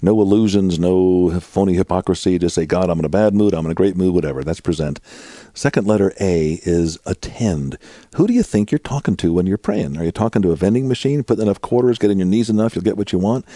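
Man, middle-aged, low gravelly voice, earnest interview guest, dry close sound. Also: quick pace, no echo. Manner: earnest, animated when acting out prayers. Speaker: author and guest. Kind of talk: conversational interview about prayer.

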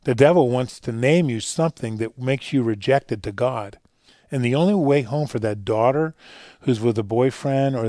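A man speaking as a guest in a radio interview, telling stories earnestly and dropping quiet for the emotional parts. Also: medium pitch, no room sound, studio quality. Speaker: guest speaker on fatherhood and faith.

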